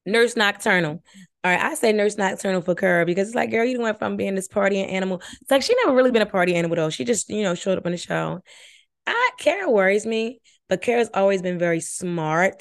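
Rambling, profane woman podcaster, lower voice. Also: dry recording, clean studio sound. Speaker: podcast host reviewing a reality show; former nursing and medicine worker. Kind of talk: casual rambling commentary.

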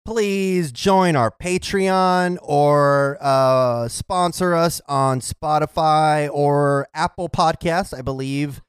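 A man in his thirties hosting a casual podcast, talking in an animated, profane way with mocking mini-impressions. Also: fairly high pitch, slow pace, few pauses, clear, resonant tone, no echo, clean studio sound. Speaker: podcast host.

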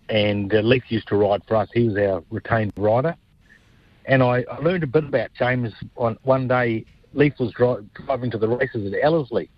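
A man's voice: fairly low pitch, no room sound. Man from New Zealand telling stories over the phone. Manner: lively anecdotal storyteller. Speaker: stud owner, guest. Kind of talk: radio interview by phone. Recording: muffled dull phone line.

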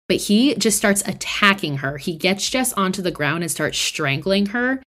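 A woman's voice: on the low side, lively intonation, normal speed, few pauses, fairly bright tone. A woman hosting a podcast, casually recapping a horror film in a chatty, profane way with lots of fillers. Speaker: podcast host.

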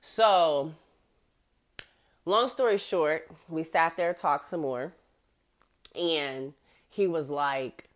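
A woman, hosting a podcast and telling a personal story in a casual, profane, animated way, acting out the voices of the people in it. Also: fairly low pitch, normal speed. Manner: animated, acts out quotes, profane slang, laughs often. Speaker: podcast host.

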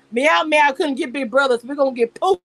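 High-voiced woman on a livestream, laughing a lot, rambling, reading chat out loud. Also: a little slow. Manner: animated and rambling, laughs often, reads chat aloud. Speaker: YouTube live host reacting to a reality show cast. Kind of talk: casual live-stream chat.

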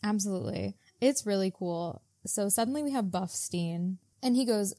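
Woman co-host, casual book chat, warm low-key tone, dry close mic, acts out characters in quick asides. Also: animated, dry recording. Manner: retells scenes in mock voices, swears freely. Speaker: podcast co-host.

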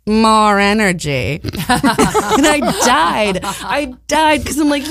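A woman's voice: measured pace, no room sound, studio quality. A woman co-hosting a casual chat, telling stories with lots of swearing and acting out the people she quotes. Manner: animated, acts out quotes with big pitch jumps, swears. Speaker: podcast co-host.

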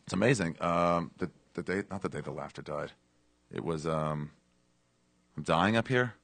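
Male podcast talker, deep and quick, dry close mic, laid-back storyteller. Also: gravelly, fairly bright tone, dry recording. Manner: low-key, trailing storyteller, curses casually. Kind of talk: casual chat.

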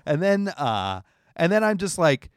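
A man's voice: fairly high pitch, measured pace, smooth, dry recording, clean studio sound. A man telling a story in casual chat, acting out the people he quotes and laughing often. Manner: animated, acts out quoted voices, laughs often.

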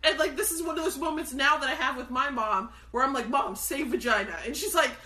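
A woman co-hosting a podcast, telling a story in lively casual chat, laughing and mocking. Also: high voice, fast talker. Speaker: podcast co-host. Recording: roomy echo.

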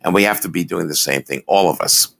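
A man with a low voice and a gravelly rasp talks in a casual political conversation. He is earnest and emphatic, pressing his points and agreeing strongly. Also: fast talker, fairly bright tone.

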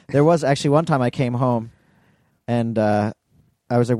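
Man, quick talker, mellow tone, rambling podcast storyteller, dry close sound. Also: on the low side, fairly even intonation, dry recording. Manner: rambling storyteller, quotes his wife with heavy swearing. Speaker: podcast co-host. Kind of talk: casual chat.

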